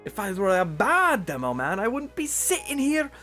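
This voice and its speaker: A man doing a slow, swaggering impression of a Scottish demolitions man from a game, with a put-on Scottish accent. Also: high-pitched, wildly swooping pitch, sharp tone, soft background music, pitched above the performer's own voice, full character voice.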